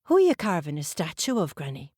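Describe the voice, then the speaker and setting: A woman's voice: low-pitched, wildly swooping pitch, quick pace, a little mellow, dry recording, clean studio sound, exaggerated voice. A woman voicing a curious little girl who keeps asking eager questions in a storybook tale.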